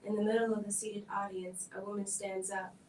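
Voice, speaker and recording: A woman gives a measured dramatic reading of a script at a film event. Her delivery stays flat and level throughout. She is heard from a distance in an echoey hall with faint noise behind her. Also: mid-range voice. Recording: echoey room, distant mic.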